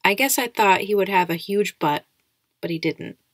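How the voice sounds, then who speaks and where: A woman narrating a children's novel in an even, measured reading. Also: mid-range voice, dry recording. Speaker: audiobook reader. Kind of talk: storybook narration.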